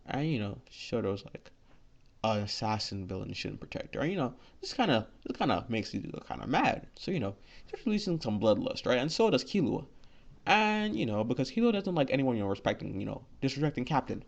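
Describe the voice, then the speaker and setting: A man's voice: medium pitch, sing-song, fairly quick, creaky. A man telling an improvised fan story in a rambling, filler-heavy way. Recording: lo-fi dull recording.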